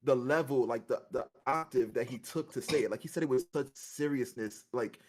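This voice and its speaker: A man's voice: mid-range voice, brisk. A man co-hosting a gaming podcast, telling a story in casual chat with lots of laughter. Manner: animated storytelling, laughs often. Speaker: podcast co-host.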